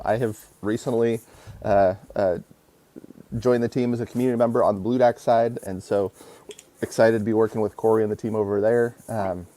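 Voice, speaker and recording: A man's voice: lowish voice, dark tone. A man giving an upbeat, casual community update on a call, with lots of fillers. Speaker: community member guest.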